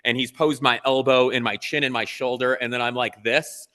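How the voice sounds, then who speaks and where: Male photographer guest, earnest and lively storyteller, long room reverb. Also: mid-range voice, normal speed. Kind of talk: casual interview talk.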